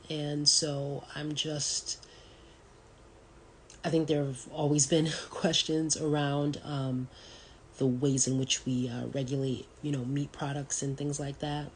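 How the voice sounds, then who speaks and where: A woman's voice: low voice, a little hiss or hum, poor audio. A woman in her thirties hosting a podcast, talking in a casual, rambling way full of ums and you-knows. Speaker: podcast host. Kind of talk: casual solo talk.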